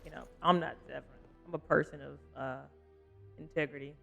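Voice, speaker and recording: A man with a high voice plays a role-playing game live. He rambles, cracks jokes and keeps talking to his chat as he goes. Faint music plays behind him. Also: fairly even intonation, brisk, gravelly, sharp tone, highs cut off. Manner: rambling and joking, talks to chat. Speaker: streamer. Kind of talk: casual gaming livestream commentary.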